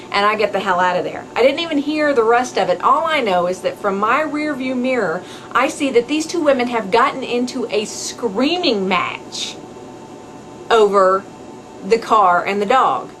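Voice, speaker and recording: A woman hosting a podcast, telling a story in a chatty, animated way with asides. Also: on the high side, normal speed, slight background noise, rough recording. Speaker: podcast host. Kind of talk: casual storytelling monologue.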